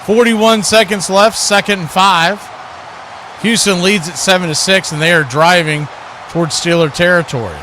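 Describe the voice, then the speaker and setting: A man giving live football play-by-play as the announcer of a watch-party stream. He calls each play briskly and his voice jumps up on big moments. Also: high voice, background noise. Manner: brisk, calls plays as they happen, rises sharply on big plays.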